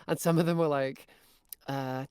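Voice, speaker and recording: A woman's voice: very deep voice, expressive, brisk, no room sound, clean studio sound. A woman guest in a casual podcast chat, talking with lots of fillers and restarts and laughing easily.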